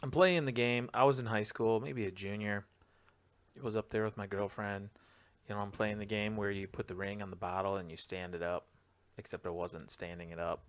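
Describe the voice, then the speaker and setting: A man with a fairly low voice, co-hosting a casual chat show. He tells rambling anecdotes full of fillers, easygoing and conversational. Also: steady tone, brisk. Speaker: podcast co-host.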